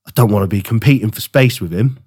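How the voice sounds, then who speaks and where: A man's voice: fairly low pitch, fast, dark tone, breathy edge, no room sound, clean studio sound. A man co-hosting a podcast, chatting casually and rambling about his woodworking with frequent laughs. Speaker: podcast co-host. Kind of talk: casual chat.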